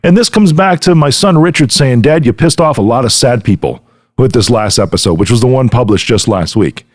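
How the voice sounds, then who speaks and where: A man's voice: mid-range voice, animated, brisk. A middle-aged man hosting a podcast, giving an earnest motivational talk straight to the listener and often checking in with "right?". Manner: earnest, direct address with frequent "right?". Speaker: podcast host. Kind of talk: motivational monologue.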